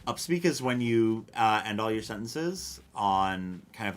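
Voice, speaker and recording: This cozy-game streamer is a man with a low-pitched voice, a steady tone and a measured pace. He keeps up casual gameplay chat, reads his chat and replies wryly, rambling, second-guessing himself and swearing casually.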